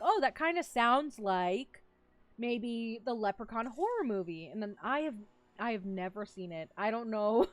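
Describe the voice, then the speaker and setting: Giggly young woman streamer, high voice. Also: no room sound. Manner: giggly, animated, rambling storyteller. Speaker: vtuber streamer. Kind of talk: casual chat with live chat, telling a story.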